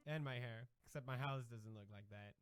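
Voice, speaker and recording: A young man giving loud, jokey let's-play commentary while playing a game, swearing often. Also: mid-range voice, fairly quick, clear, resonant tone, soft background music. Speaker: gamer.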